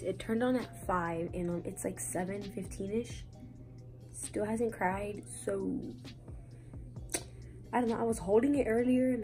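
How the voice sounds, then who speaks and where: A woman's voice: mid-range voice, mellow. A teenage girl talking casually to her phone camera, rambling with lots of fillers. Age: teens. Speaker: vlogger. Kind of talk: casual vlog chat.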